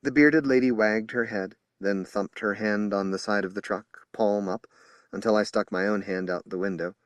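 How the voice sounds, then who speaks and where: A man reading a horror novel aloud as an audiobook narrator in measured storytelling. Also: fairly low pitch, fairly even intonation, no room sound, lo-fi sound. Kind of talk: scripted narration.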